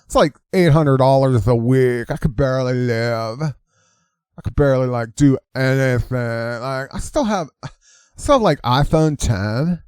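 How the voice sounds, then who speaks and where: A man's voice: mid-range voice, measured pace, darkish tone, clean tone, dry recording, lightly acted. A man putting on the sing-song, mocking voice of a whiny, self-righteous young male activist, recorded close on a dry mic. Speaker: host.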